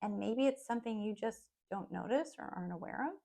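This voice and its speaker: A woman's voice: medium pitch, expressive, fast, creaky, mellow. A woman co-hosting a podcast with her husband, speaking frankly and matter-of-factly with emphatic rhetorical questions. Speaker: podcast co-host. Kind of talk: casual chat with her husband.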